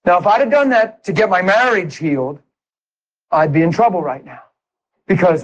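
A man preaching his own conversion testimony in a sermon, moving from hushed, earnest talk to excited shouts. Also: high voice, normal speed, pauses often, muffled recording.

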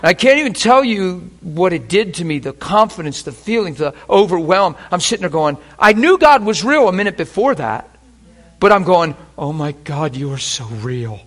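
A man preaching a sermon, telling a personal story with animated swings between hushed quoted prayer and loud, laughing bursts. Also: sits high, normal speed. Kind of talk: sermon testimony.

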